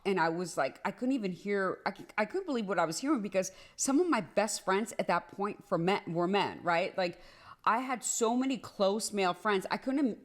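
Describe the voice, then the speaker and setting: Woman, mid-pitch, casual storytime narrator, animated and rambling with fillers. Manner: animated, rushed, repeats herself with many "like"s.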